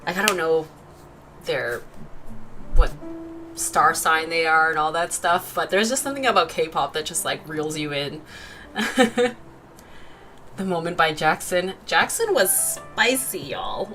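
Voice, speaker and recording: Brief: young woman streamer, lowish voice, chatty and giggly, faint music behind. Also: expressive, slow pace, pushed and bright. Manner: chatty, giggly, lots of fillers, reads chat aloud. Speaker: art livestream host. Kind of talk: casual chat while drawing.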